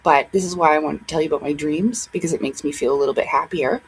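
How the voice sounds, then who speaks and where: A woman's voice: deep voice, fast talker, slight background noise, low-quality recording. A young woman talking casually to her camera at home, rambling and emotional, with many fillers and restarts. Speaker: vlogger.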